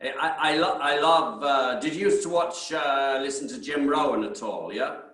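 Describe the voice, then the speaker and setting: A man's voice: medium pitch, moderate pace, a bit bright, roomy sound, recorded from a distance. A man hosting an interview, chatty and often ending his points with a questioning "yeah?". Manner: chatty, frequent tag "yeah?". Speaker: podcast host. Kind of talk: interview conversation.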